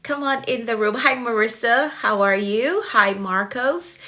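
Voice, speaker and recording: Bright-toned woman in her forties, a cheerful life coach welcoming viewers on a live stream. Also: fairly high pitch, unhurried. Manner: upbeat, welcoming, repeats greetings.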